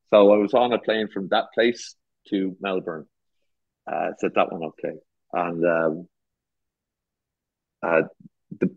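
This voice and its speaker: An Irish garden designer, a guest with a low voice, chats casually and tells rambling anecdotes full of restarts and self-deprecating jokes. The recording is dry, dull, and lo-fi.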